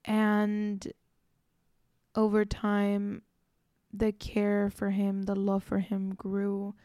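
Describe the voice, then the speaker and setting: A woman's voice: medium pitch, monotone, drawn-out words, mellow, no echo, clean studio sound. A woman in her twenties, a podcast host, telling a personal story in an earnest, reflective way with many casual fillers. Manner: earnest, reflective, frequent "like" and "you know".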